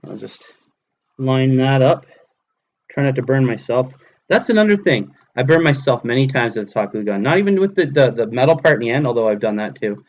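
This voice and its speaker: A man's voice: medium pitch, animated, fairly quick. A man in his thirties casually streaming live from his hobby table at home, talking himself through each step as he builds. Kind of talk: casual live-stream commentary while crafting.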